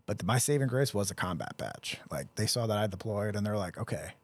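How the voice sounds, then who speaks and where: A man's voice: fairly low pitch, brisk, no echo. A man co-hosting a casual podcast, telling profane army stories and acting out the people in them. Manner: profane, animated storyteller acting out quotes. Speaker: podcast co-host. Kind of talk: casual storytelling chat.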